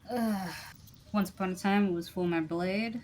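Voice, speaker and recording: A woman's voice: medium pitch, normal speed, darkish tone, slight background noise, lightly acted. A woman voicing a guarded, world-weary cloaked male stranger with clawed hands in a tabletop game.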